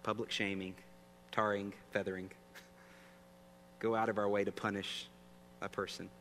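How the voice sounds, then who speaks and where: His voice sits fairly low and fairly bright, with little pitch movement and a normal pace, as the pastor preaches in a conversational style full of questions for the audience. There's a long reverb and a faint hum in the recording.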